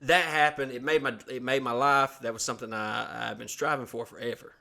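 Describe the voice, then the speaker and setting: A man from Alabama hosts a podcast, his mid-range voice creaky and a little fast. He tells a long story in a casual, profane way, animatedly acting out the voices of the people involved.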